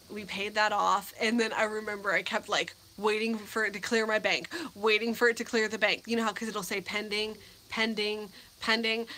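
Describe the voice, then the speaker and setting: A woman in her thirties from the United States hosts a live-stream Q&A on her vlog, chatting casually while teary and close to crying. Her medium-pitched, sharp voice rambles emotionally with many restarts and fillers, over a faint hiss or hum.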